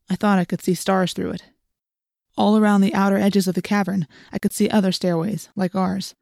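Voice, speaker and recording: A woman narrating a first-person audiobook in a steady, plain storytelling voice. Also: mid-range voice, vocal fry, no room sound, studio quality.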